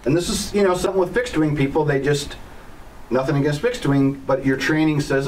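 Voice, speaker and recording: A man's voice: a little high, brisk. A man who teaches helicopter flying, telling stories in a plainspoken, blunt way with firm opinions. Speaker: helicopter flight instructor. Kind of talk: casual storytelling to an online group. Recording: slightly distant mic with faint background noise.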